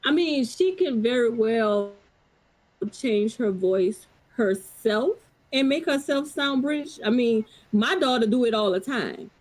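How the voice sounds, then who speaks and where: A woman's voice: a little high, expressive, measured pace, darkish tone, rough recording. A woman on a live stream panel in heated, profane casual chat.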